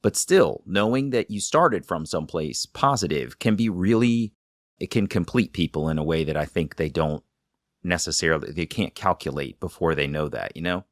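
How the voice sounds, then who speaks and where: A man's voice: low-pitched, lively intonation, moderate pace, dry recording, clean studio sound. A man hosting a podcast, narrating the story and adding reflective comments. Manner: reflective, thoughtful. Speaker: podcast host.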